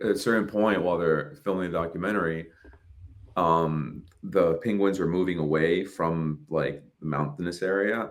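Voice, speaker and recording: A man in his late thirties co-hosting a podcast, talking casually in animated bursts and swearing freely. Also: low voice. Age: 30s. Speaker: podcast co-host. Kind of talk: casual chat.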